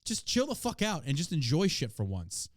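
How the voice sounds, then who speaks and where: A man's voice: fairly high pitch, wildly swooping pitch, moderate pace, no echo. A man hosting a podcast in casual chat, brash, profane and mocking as he reacts to the news and to his chat. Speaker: podcast host.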